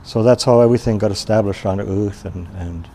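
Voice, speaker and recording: Gravelly low-voiced male storyteller. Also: mellow. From Wisconsin. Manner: unhurried, plain-spoken, with pauses and restarts. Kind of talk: traditional oral storytelling.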